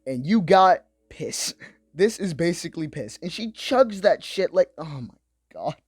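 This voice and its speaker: Animated, profane young male recap commentator. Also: fairly high pitch, unhurried, slightly rough, dry recording, studio quality. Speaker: commentary host. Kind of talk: comedic anime recap commentary.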